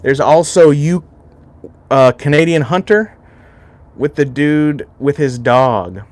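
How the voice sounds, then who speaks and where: A man's voice: fairly high pitch, slow pace, darkish tone, no room sound. A man from Alaska hosting a casual livestream, rambling and swearing freely as he chats with his viewers. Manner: rambling and heavily profane, chatting directly to viewers. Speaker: livestream host.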